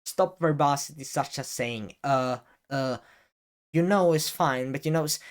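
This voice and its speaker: A man's voice: medium pitch, unhurried. Rambling young man giving video advice. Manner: rambling, swearing, many fillers and restarts. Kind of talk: casual on-camera advice talk.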